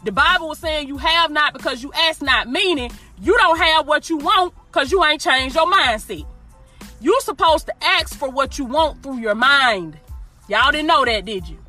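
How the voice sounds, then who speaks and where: A woman's voice: high voice, lively intonation, normal speed, bright, forceful tone, faint music behind. A woman preaching informally and emphatically, repeating her phrases and talking straight to her listeners. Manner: emphatic, repeats phrases, addresses listeners directly with y'all and baby. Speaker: motivational preacher.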